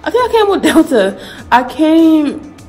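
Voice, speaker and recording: A woman's voice: high voice, unhurried, faint music behind, rough recording. A young woman from Ghana, chatting animatedly through a casual storytime vlog. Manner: chatty, animated retelling full of "like" and slang. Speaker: vlogger.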